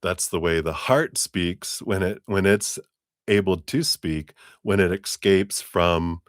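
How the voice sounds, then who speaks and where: A man with a very low, deep voice gives a live tarot reading in a loose, rambling way, full of fillers and self-amused laughs. The sound is close and dry with no room around it. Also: takes it slowly, dry recording. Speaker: tarot reader.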